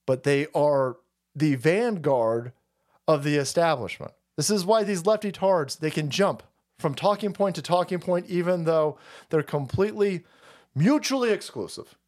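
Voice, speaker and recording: A man's voice: a little high, animated, unhurried, darkish tone. A middle-aged man hosting a live stream, ranting casually and with heavy profanity, rambling and calling his viewers boys. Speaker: streamer host.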